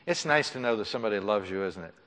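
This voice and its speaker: A male pastor preaching an impassioned sermon in a church, swinging between loud pleading and hushed, soft tones. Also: on the low side, animated, fast talker. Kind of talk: sermon with altar call. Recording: long church reverb.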